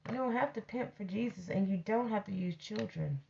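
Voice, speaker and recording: A woman's voice: medium pitch, brisk, creaky, darkish tone, highs cut off, a little hiss or hum. A woman telling a personal story in a blunt, profane, ranting way, casually addressing her audience. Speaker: storyteller host.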